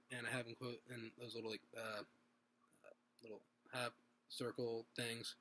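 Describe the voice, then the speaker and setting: A man's voice: medium pitch, level tone, normal speed, bright, forceful tone. A man reading his own story aloud at home, unpolished, with restarts and little asides.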